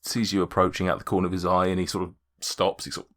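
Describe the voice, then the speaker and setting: A man's voice: deep voice, little pitch movement, fast, a bit bright. A man running a tabletop game as game master, narrating in a rambling, joking way with lots of hesitation.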